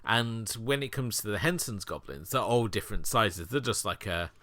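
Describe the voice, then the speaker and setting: A man's voice: on the low side, expressive, moderate pace, pushed and bright, dry recording. A man co-hosting a film podcast, explaining things in a laid-back, chatty way. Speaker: podcast co-host. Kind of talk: casual chat.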